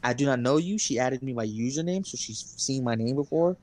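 A man's voice: mid-range voice, lively intonation, fairly quick, a little mellow. Rambling, cursing young man. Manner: rambling storyteller, heavy swearing and fillers. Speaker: podcast co-host. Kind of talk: casual chat.

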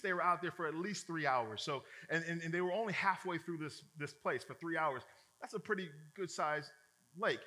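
Male pastor, high bright voice, casual and funny sermon delivery. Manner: energetic, joking, colloquial.

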